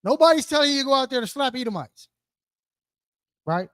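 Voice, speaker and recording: A man's voice: very high voice, lively intonation, a little fast, a bit bright. A man leading a group scripture study in a sermon style, asking questions and calling on listeners, using slang and rhetorical "right?". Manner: calls on listeners, asks questions, repeats answers. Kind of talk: interactive sermon teaching.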